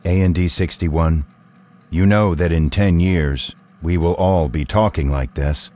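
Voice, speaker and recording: An earnest male robot, voiced by a man, talks in careful, complete sentences. His voice is very deep. He sounds sincere and almost human. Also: steady tone, unhurried, a little mellow. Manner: earnest, pleading, carefully worded.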